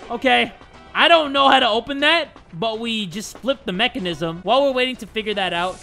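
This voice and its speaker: A man giving excitable, jokey let's play commentary, with sudden yelps and casual swearing. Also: very high voice, fairly quick. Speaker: gaming YouTuber. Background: game music.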